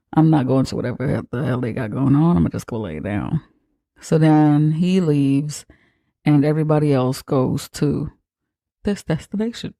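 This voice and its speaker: A man hosting a podcast, retelling a horror film in a casual, animated way with exaggerated reactions. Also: a little high, creaky, no room sound. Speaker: podcast host.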